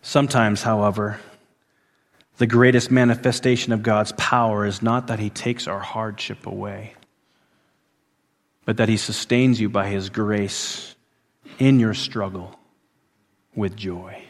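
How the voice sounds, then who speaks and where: A man preaching a sermon who repeats phrases for emphasis, rising to loud emphatic peaks and dropping to hushed endings. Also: on the low side, steady tone, unhurried, long pauses, in a large hall. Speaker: pastor.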